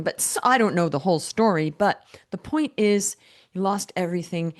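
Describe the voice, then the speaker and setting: A woman's voice: fairly low pitch, darkish tone. A woman in her fifties, a business coach being interviewed, telling stories in a rambling way with many restarts. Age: 50s or older. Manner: rambling storyteller, many restarts and quoted self-talk. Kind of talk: interview conversation.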